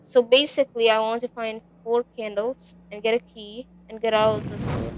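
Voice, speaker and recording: High-pitched, swearing horror gamer woman. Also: flat delivery, normal speed, hardly any pauses, a little hiss or hum. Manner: swears a lot, jumpy and rambling. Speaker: gaming channel host. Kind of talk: horror game commentary.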